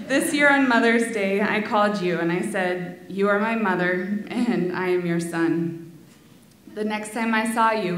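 A woman's voice: mid-range voice, slight background noise. Woman giving a heartfelt eulogy in an echoey hall. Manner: heartfelt, with soft laughs between lines. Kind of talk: reading a prepared memorial tribute. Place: school auditorium.

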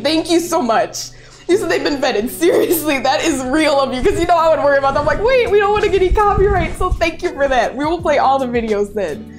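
A young woman in her twenties, an effusive streamer chatting casually and reading viewer messages aloud, often laughing. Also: high-pitched. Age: 20s.

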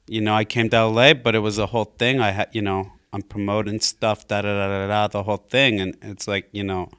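A man putting on a cocky celebrity comedian, loud and slangy, brushing everyone off with a breezy bro swagger. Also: lowish voice, little pitch movement, brisk, clear, resonant tone, dry recording, clean studio sound, lightly acted. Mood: dismissive. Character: cocky busy male celebrity comic, brushing off. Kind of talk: comedic impression.

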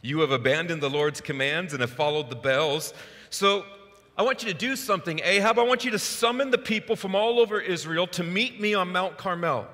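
A man voicing a bold male prophet who declaims forcefully as he confronts a king, heard with a long church reverb. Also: fairly high pitch, moderate pace, soft background music. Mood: defiant.

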